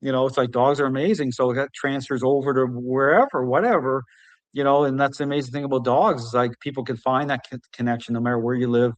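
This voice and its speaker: A man hosting a podcast, speaking casually and telling stories with animated emphasis. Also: mid-range voice, fast, dry recording. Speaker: podcast host and dog trainer. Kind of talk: casual conversation.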